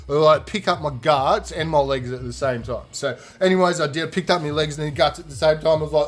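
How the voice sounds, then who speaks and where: A young man tells a rambling festival story on his podcast. His voice sits a touch high, and he jumps between narration and lively impressions of the people in the tale, swearing casually as he goes. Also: a little fast, few pauses. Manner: animated, acts out quoted voices, swears freely. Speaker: podcast host.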